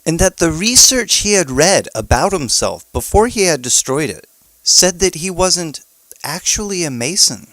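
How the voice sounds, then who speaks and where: A man's voice: fairly high pitch, sing-song, normal speed, a bit bright, dry recording. A man casually explaining part of a story.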